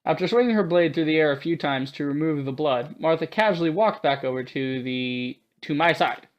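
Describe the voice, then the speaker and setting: A man's voice: a little high, expressive, brisk, muffled recording. A gaming YouTuber reads a visual novel aloud and jokes about it. He stumbles through the narration and teases himself for it. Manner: self-mocking, stumbling over reading. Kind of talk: let's play narration and commentary.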